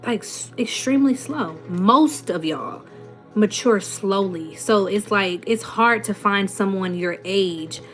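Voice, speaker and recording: A woman's voice: medium pitch, slow, soft background music. A woman in her twenties with a Southern US accent, chatting casually as a host who reads comments aloud and answers them in a blunt, sassy way. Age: 20s. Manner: blunt, sassy, rhetorical questions. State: runny nose. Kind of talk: casual livestream chat.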